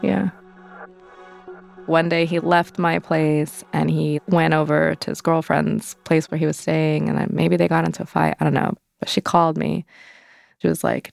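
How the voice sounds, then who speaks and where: A woman's voice: sits low, fairly even intonation, moderate pace, creaky, darkish tone, dry recording, clean studio sound. A young woman telling a personal story in an interview, candid and loose, full of "like" fillers. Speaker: interview guest.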